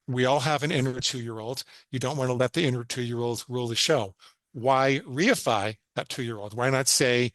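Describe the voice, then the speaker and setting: Male psychologist guest, earnest and instructive, mid pitch, dry close sound. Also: brisk, a bit bright, dry recording, rough recording. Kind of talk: podcast interview, explaining techniques.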